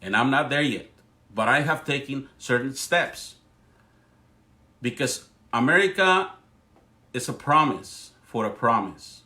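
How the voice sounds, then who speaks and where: A middle-aged man with a Spanish accent hosts a livestream in a bright, forceful voice. He speechifies with real fervor and keeps restarting his sentences as he pushes his points. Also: mid-range voice, animated, measured pace, long pauses. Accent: Spanish-accented English. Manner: fervent, speechifying, frequent restarts. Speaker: livestream host. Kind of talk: political commentary monologue.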